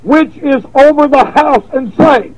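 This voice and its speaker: High-voiced preacher, folksy and emphatic. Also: male voice, a little slow, low-quality recording. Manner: folksy storytelling, repeats words, rising to emphatic preaching. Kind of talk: revival sermon.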